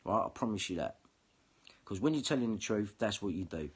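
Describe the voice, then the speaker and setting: A man's voice: lowish voice, expressive, brisk, slightly rough. A man ranting angrily and swearing in a monologue to camera. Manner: heated, sweary, confrontational. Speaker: vlogger.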